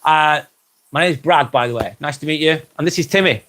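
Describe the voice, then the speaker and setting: A man's voice: fairly high pitch, a little fast, fairly bright tone, a little hiss or hum. A young English man hosting a casual livestream, chatting and reading out viewers' comments with frequent fillers and repeated phrases. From England. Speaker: livestream host.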